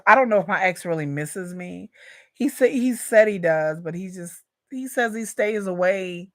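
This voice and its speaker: A woman's voice: fairly low pitch, vocal fry, fairly bright tone, no room sound, clean studio sound. A woman hosting a live reaction stream, speaking frankly and chattily to her viewers about her love life, often repeating herself and calling them "y'all.". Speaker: YouTube reaction host. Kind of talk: candid personal rant.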